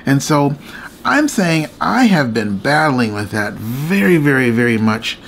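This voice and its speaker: A man with a gravelly, fry-edged voice speaks earnestly in a late-night chat about faith. He circles back and repeats himself as he confides in his viewers. A faint noise sits behind him. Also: mid-range voice, very animated, unhurried, a bit bright. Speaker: faith vlogger and co-host.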